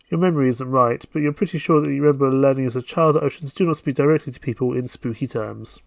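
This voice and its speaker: A male streamer reads a game's story text aloud and breaks off into playful jokes. His voice has a gravelly fry and sits at an ordinary male pitch. The sound is dry and close. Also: fast talker, hardly any pauses, dry recording. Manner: playful, jokey asides between narration. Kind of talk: reading a game aloud with commentary.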